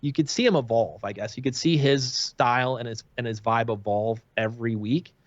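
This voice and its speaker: A man's voice: medium pitch, normal speed, no room sound, highs cut off. A man guesting on a podcast, chatting eagerly and filling his talk with "like". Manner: chatty, enthusiastic, lots of "like". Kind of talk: casual chat.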